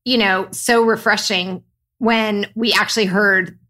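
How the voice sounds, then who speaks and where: A woman's voice: medium pitch, fairly even intonation, measured pace, bright, forceful tone. A woman co-hosting a podcast in casual chat, blunt and sweary, often laughing. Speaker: podcast co-host.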